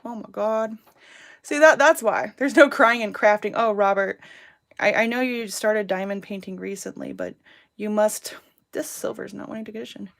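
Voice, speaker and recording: A woman's voice: medium pitch, normal speed, creaky, a bit bright. A woman in her thirties hosting a casual crafting livestream from home, rambling cheerfully and reading out viewers' names and comments as she works. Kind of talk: casual live-stream chat while crafting.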